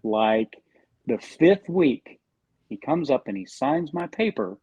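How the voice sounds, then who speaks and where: A man's voice: medium pitch, very animated, takes it slowly, mellow, breathy edge, no echo, rough recording. A man on a podcast casually telling a sales story and acting out the quoted lines.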